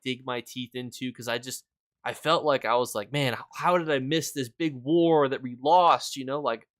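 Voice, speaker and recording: A man's voice: medium pitch, a bit bright, no room sound, clean studio sound. A young man streaming a game, telling rambling stories in casual chat and answering his viewers. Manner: rambling, filler-heavy storytelling; reads and answers chat while playing.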